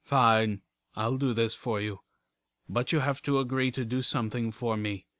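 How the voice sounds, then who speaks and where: A man voicing a secretive floating robot messenger in a measured, evasive tone. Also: medium pitch, fairly even intonation, fairly bright tone, no echo, clean studio sound, close to an everyday voice. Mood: cagey.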